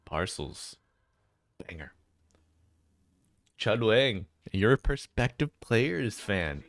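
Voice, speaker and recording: Male stream caster, deep, laid-back and chatty, dry close mic. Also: big pitch swings, extremely slow, long pauses, no room sound. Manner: chatty, laid-back, reads out chat names. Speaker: esports caster. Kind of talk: casual live-stream commentary.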